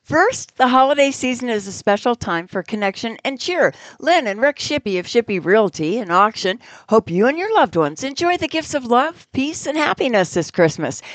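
A woman's voice: on the high side, no room sound. Female radio co-host, playful ad reads, dry studio sound. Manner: chatty, playful, laughs easily.

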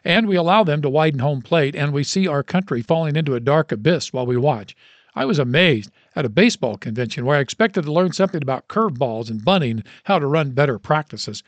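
A male host reading a story aloud in a plain, measured way. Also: a little high, expressive, dry recording.

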